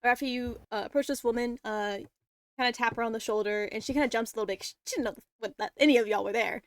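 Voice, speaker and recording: A woman's voice: a little high, fast talker, no room sound, studio quality. A woman game master narrating a tabletop game casually, rambling and laughing.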